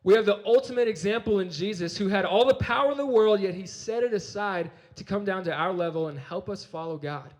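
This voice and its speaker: Animated young man preaching to students. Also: sits high, a little fast, hardly any pauses. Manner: energetic storytelling, repeats words when excited. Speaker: campus ministry speaker. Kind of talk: youth sermon with personal story.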